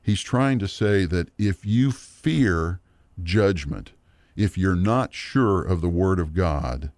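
A middle-aged man teaching a Bible lesson from a worksheet, earnest and measured, often pausing on fillers and restarts. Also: deep voice, expressive, a little mellow, no echo. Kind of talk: teaching sermon.

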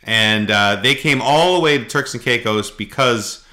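A middle-aged man hosting a chatty podcast, his voice bright and forward. He rambles through anecdotes, stopping on filler words and slipping into little voices for the people in his stories. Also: mid-range voice. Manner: rambling storyteller, frequent halting fillers, does voices in anecdotes. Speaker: podcast host. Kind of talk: casual podcast chat.

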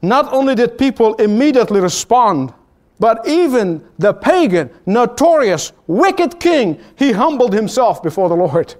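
A man preaching with a notably high voice, building his points through hammering repetition. He leaps up for exclamations, then drops low and slows right down for solemn statements. The delivery is a classic pulpit sermon. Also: very animated. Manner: emphatic, repetitive preaching cadence; swings between high exclamations and low, drawn-out solemn lines.

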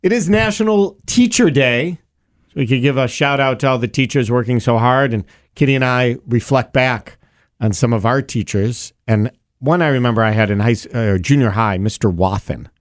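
A man's voice: medium pitch, normal speed, dry recording, clean studio sound. A man co-hosting a talk show, telling stories in a casual, teasing way. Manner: animated storyteller, teasing. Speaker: radio show co-host. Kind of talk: casual chat.

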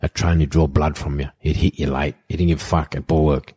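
A middle-aged Australian man telling animated anecdotes in a casual chat, acting out other people's lines and swearing casually. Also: extremely low pitch, fast talker, slightly rough. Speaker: guest, former rugby league player. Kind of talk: casual storytelling in a podcast chat.

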